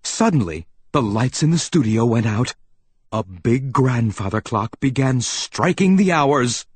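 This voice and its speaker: Slow husky-voiced male storyteller. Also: mid-range voice, no room sound. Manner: expressive first-person reading. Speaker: narrator. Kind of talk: storybook narration.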